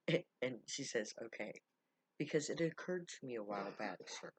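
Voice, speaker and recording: Husky-voiced woman telling a story. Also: very deep voice, moderate pace, darkish tone, no echo. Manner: laughs often while telling. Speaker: camp leader. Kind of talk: casual storytelling.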